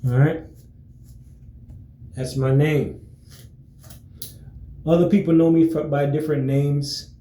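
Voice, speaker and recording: A man talking casually to his viewers in a relaxed, rambling way, full of fillers and restarts. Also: medium pitch, roomy sound, poor audio. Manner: relaxed, friendly greetings. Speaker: vlogger. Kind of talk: casual chat to camera.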